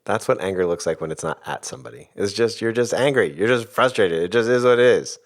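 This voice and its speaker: A middle-aged man in a podcast conversation, explaining ideas in a thoughtful, rambling way with soft laughs. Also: fairly low pitch, fast. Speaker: podcast host and guest expert.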